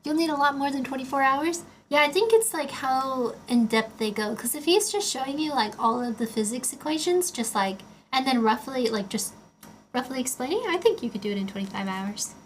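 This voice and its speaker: A woman's voice: high voice, expressive, brisk, a little hiss or hum. A young woman livestreaming casually, rambling and chatty with lots of filler words while she builds a Lego set and answers chat. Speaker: streamer.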